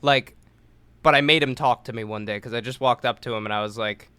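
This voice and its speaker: A man's voice: mid-range voice, a little fast, pushed and bright, clear, resonant tone, no room sound. A young man telling a rambling story on a casual podcast, swearing freely and acting out quotes. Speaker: podcast co-host.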